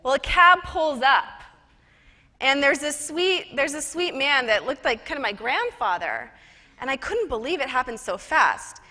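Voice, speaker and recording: A woman tells a personal story from a conference stage, her voice high and bright. She talks in a lively, chatty way, with the long echo of a big hall around her. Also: unhurried. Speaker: conference speaker and professional psychic.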